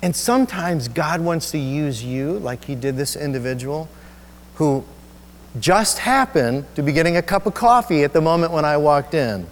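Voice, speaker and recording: A male pastor preaching a sermon, telling a personal story in an emotional, halting way with many restarts. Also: fairly high pitch, long reverb tail, slight background noise. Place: church sanctuary.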